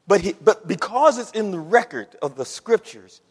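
A male preacher delivers a sermon in a high, lively voice that swings widely in pitch. He talks straight to the congregation in a loose, conversational way. His voice rings out with a long echo through the church hall. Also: normal speed, slightly rough. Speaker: pastor.

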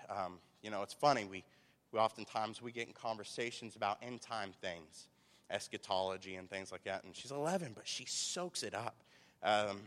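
Man in his 30s, pastor, conversational sermon, reverberant church hall, mid pitch. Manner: conversational, asks rhetorical questions. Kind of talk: sermon with personal stories.

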